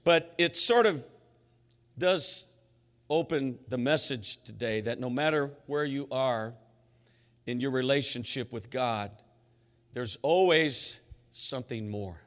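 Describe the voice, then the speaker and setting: A middle-aged man preaching a sermon in a church sanctuary, energetic and emphatic, telling stories between his points. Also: medium pitch, slow, pauses often. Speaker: pastor. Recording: reverberant church hall with faint music.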